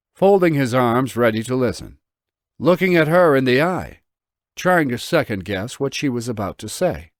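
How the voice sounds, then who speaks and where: A man reads his own novel aloud as an audiobook, acting as both author and narrator. His medium-pitched voice tells the story expressively and gives the dialogue distinct voices. The studio recording is clean, with no echo.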